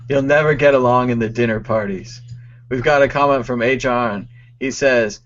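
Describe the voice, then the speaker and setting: A man hosting a live online show, briskly reading out viewer comments and moving things along. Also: medium pitch, fairly bright tone. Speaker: host. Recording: dull lo-fi stream audio.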